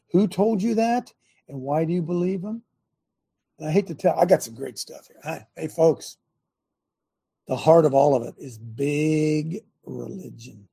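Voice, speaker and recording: A fired-up man hosts his own political talk show, firing the same rhetorical questions at his viewers. His voice is high for a man and gravelly, with a mellow, husky tone. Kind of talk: animated political commentary to viewers.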